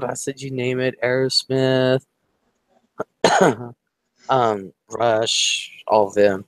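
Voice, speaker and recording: A man's voice: mid-range voice, takes it slowly, pauses often, no room sound. Profane man from Ohio telling a story. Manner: animated, profane, acts out quoted voices. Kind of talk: casual storytelling.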